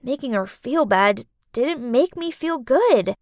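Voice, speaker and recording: A woman narrating a first-person story in an expressive, sassy way. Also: high-pitched, takes it slowly, dry recording, studio quality.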